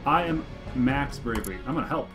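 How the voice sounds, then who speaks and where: A man casually narrating his way through a video game, reading its text aloud and reacting with cheerful enthusiasm. His pitch swings around lively and freely, with game music playing clearly underneath. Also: fairly quick. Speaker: let's play host. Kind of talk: casual gameplay commentary.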